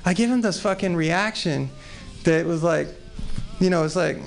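A man's voice: fairly high pitch, moderate pace, creaky, faint music behind. A man in his forties from Texas doing rambling, profane, self-deprecating stand-up at an open mic in a small comedy venue. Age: 40s.

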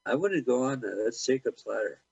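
Wisecracking husky man on dry lo-fi audio. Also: mid-range voice, animated, brisk, darkish tone, no echo. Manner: wisecracking, trades jokes and puns. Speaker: podcast co-host. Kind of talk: casual movie commentary chat.

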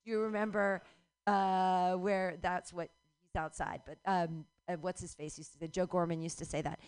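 A woman's voice: fairly low pitch, level tone, normal speed, clear, resonant tone. Profane ranting middle-aged woman comic. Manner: profane, ranting, bursts into shouts. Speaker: stand-up comedian. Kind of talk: stand-up comedy set.

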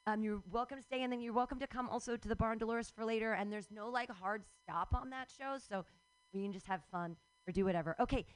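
A middle-aged woman doing a rambling stand-up comedy set at a live show, breaking into loud outbursts and laughing at her own jokes. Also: fairly high pitch, fast talker, no echo.

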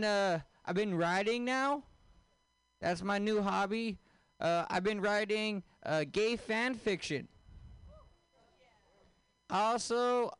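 A man doing a stand-up comedy set, deadpan and crude, often quizzing the crowd. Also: high-pitched, clear, resonant tone. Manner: deadpan, crowd-work questions, crude jokes.

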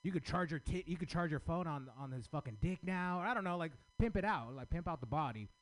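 A man's voice: on the high side, animated, quick pace, a bit bright. Rambling man giving crude feedback. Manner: rambling, hesitant, full of crude riffs. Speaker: fellow comedian giving feedback. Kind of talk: casual chat.

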